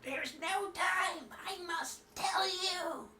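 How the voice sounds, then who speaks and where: A man plays a small, badly hurt character in a tabletop game, squeezing out urgent words in a thin, strained, very high voice. It sounds roomy and distant. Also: extremely slow, sharp tone, a little hiss or hum, full character voice. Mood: desperate. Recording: echoey room, far from the mic.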